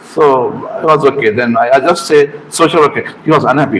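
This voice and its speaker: A middle-aged man, a medical exam trainer, giving an informal lecture to students, talking in halting phrases, repeating words and asking the room questions. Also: on the high side, animated, fairly bright tone, a little hiss or hum, rough recording.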